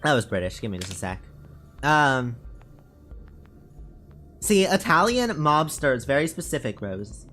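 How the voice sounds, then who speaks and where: A man's voice: medium pitch, very animated, unhurried, pauses often, pushed and bright, soft background music. Rambling, chatty male streamer. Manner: rambling, chatty, lots of fillers and self-corrections. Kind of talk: casual live-stream chat while gaming.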